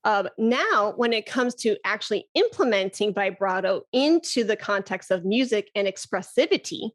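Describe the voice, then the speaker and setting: A woman's voice: medium pitch, lively intonation, moderate pace. A woman flute teacher and podcast guest, talking enthusiastically and laughing often in a casual chat.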